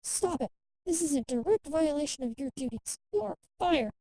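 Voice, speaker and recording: A woman voicing a frustrated male doctor with a sharp, scolding delivery. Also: high voice, fairly quick, no room sound, natural voice.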